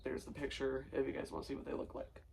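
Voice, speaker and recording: A man's voice: mid-range voice, monotone, quick pace, gravelly, heavy background noise. A tired, sleep-deprived young man talking casually as a vlogger, subdued and rambling with fillers and restarts. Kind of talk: casual personal storytelling.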